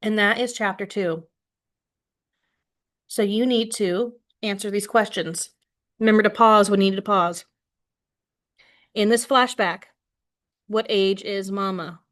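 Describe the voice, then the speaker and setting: Brief: woman teacher, expressive read-aloud of a novel to a class, then plain questions for the students. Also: mid-range voice, slow, pauses often. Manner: expressive read-aloud, voicing quoted lines with more force.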